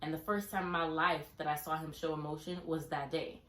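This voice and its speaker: Animated woman in an echoey room. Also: deep voice, a little fast. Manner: animated, acts out her younger self in quoted questions. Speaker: vlogger telling a family story. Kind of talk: casual storytelling.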